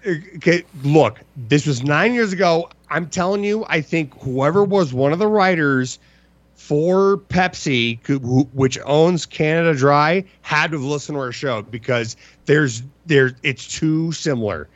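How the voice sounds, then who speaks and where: A man in his thirties with a slightly high voice hosts a comedy podcast. He rambles, sounds exasperated and swears freely. The recording is dry and a bit muffled. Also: a little slow, no room sound. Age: 30s. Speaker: podcast host. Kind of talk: casual comedic chat.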